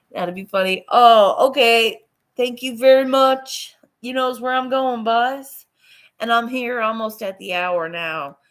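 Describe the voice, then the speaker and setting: A woman's voice: fairly high pitch, a little slow. A middle-aged woman hosting a casual livestream from her phone, rambling, swearing casually and laughing often. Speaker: livestream host.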